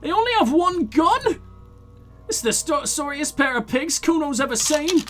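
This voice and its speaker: A bratty, foul-mouthed street kid in a game playthrough, squeals insults in a high, yelping voice that leaps all over the place. The taunts come out shrill and jeering, and every line is a mockery. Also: male voice, big pitch swings, moderate pace, fairly bright tone, faint music behind, heavily acted.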